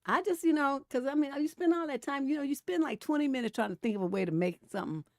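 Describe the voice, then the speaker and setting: A middle-aged woman hosting a livestream advice show, talking bluntly and profanely, swinging from mellow to heated and laughing between points. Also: high voice, animated, quick pace, no echo, studio quality. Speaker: relationship coach hosting a livestream. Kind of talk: casual livestream advice talk.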